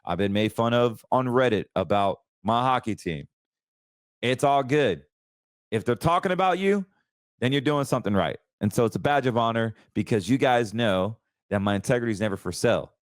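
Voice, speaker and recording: A man's voice: mid-range voice, normal speed, no echo, studio quality. A middle-aged man hosting a podcast, talking casually, candid and emotional, fervent about his faith. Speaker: podcast host. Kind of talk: casual personal talk.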